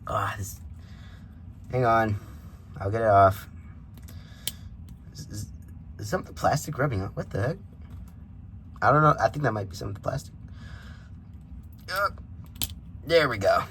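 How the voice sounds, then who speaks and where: Reviewing a toy figure for a casual unboxing vlog, a man speaks a little slowly in a lowish, expressive, fairly bright voice with long pauses. He rambles and keeps interrupting himself with asides, and the camera mic picks up a bit of hiss or hum.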